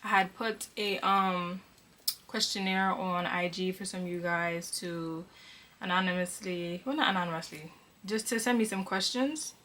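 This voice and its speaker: A young woman from Connecticut, chatting casually as she answers viewer questions for her vlog, relaxed and filled with ums. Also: medium pitch, measured pace, a little hiss or hum. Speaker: vlogger. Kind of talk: casual Q&A chat.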